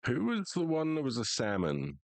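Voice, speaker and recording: Sweary joking American man, lively voice. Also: medium pitch, moderate pace, no echo. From United States. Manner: profane, joking banter. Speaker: streamer. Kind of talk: casual live gaming chat.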